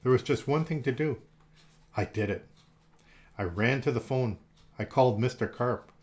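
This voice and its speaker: A man reading a children's storybook aloud, gentle and expressive. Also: mid-range voice. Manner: gentle, expressive, slowed for effect.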